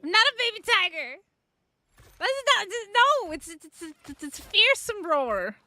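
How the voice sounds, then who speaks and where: A woman's voice: very high-pitched, big pitch swings, measured pace, sharp tone, no echo. A woman streaming a survival game, chatting playfully with her viewers and laughing often. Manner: playful, giggly, chats with viewers. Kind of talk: casual live-stream chat.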